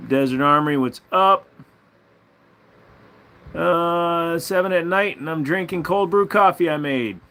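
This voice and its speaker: A man's voice: fairly high pitch, unhurried, pauses often, pushed and bright. A man hosting a casual livestream, easygoing and chatty. He reads out viewer messages and answers them in a loose, conversational way, now and then cooing at his dog. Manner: chatty, talks baby-talk to his dog. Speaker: livestream host.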